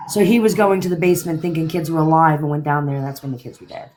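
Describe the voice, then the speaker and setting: Woman on a live stream going through a transcript, plain steady voice, bit of background hiss. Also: low voice, quick pace, poor audio. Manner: reads out a transcript in a flat summarizing way. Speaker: live stream co-host recapping a trial. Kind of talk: casual live stream chat.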